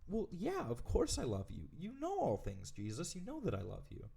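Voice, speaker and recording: A man putting on the voice of a hurt, earnest follower while retelling a scene, his pitch pushed up and pleading. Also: wildly swooping pitch, moderate pace, vocal fry, dark tone, husky, heavily acted. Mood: insistent. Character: earnest grown man, taken aback and hurt.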